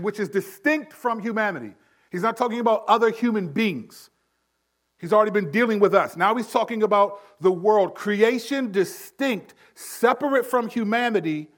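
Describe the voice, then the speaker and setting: High-voiced emphatic male pastor preaching. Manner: emphatic, swings from loud to hushed; conversational, with asides to the congregation. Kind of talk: sermon.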